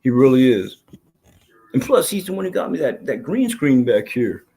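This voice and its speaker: Husky man, casual live stream host, rambling, swears a lot, mid-pitched voice. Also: very animated, moderate pace, dark tone. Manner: rambling, profane, reads chat aloud.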